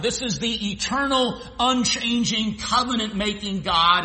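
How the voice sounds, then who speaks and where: A man's voice: high-pitched, bright, forceful tone. A male pastor preaching an earnest expository sermon, sometimes restarting his phrases. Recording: echoey hall with long reverb.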